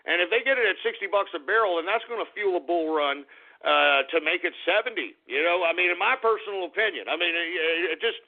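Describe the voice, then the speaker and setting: A man hosting a radio show, talking through market prices in an excitable, rambling way with lots of fillers. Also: high voice. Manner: excitable, whoops and laughs, many fillers and restarts. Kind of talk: casual market commentary. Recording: tinny phone-like radio audio.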